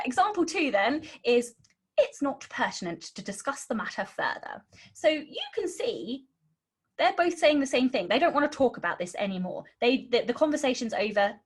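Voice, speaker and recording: A British woman with a fairly high voice teaches a writing webinar. She talks with a cheeky, sarcastic edge and fills her sentences with ums. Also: husky. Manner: says um a lot. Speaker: writing instructor. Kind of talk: webinar lesson.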